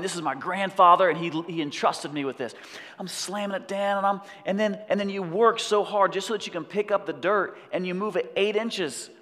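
A man preaching a sermon, telling a story and then rising to emphatic, shouted exhortation. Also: on the high side, long reverb tail. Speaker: pastor.

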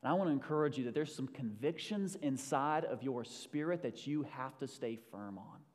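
A man preaching a sermon, swinging between loud, rallying bursts and quiet, intimate stretches. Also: mid-range voice, expressive, moderate pace. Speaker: pastor. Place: church hall. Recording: long hall reverb.

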